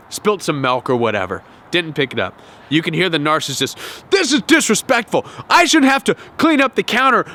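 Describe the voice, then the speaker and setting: A man hosting a self-help talk to camera, animated, often acting out quoted voices and repeating words. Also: high voice, a little hiss or hum. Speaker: self-help video host.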